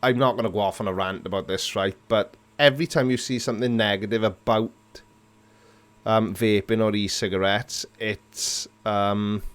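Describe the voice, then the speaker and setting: A man's voice: on the low side, fairly even intonation, moderate pace, fairly bright tone. A man hosting a casual live chat with viewers, answering their comments playfully and pulling mock disgust. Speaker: livestream host.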